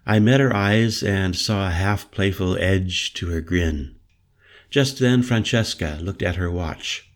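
A man narrating a first-person story as an audiobook, in a calm, descriptive manner. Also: low-pitched, measured pace.

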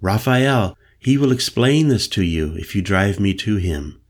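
A man reading the part of an earnest, determined Mayan woman shaman in an audiobook, in a low, unhurried voice. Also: expressive. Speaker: spiritual guide.

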